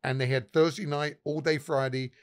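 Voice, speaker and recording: A man's voice: fairly high pitch, fairly even intonation, moderate pace, clear, resonant tone. A middle-aged man, a pub owner guest, telling stories animatedly with lots of swearing and acted-out dialogue. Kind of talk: casual storytelling.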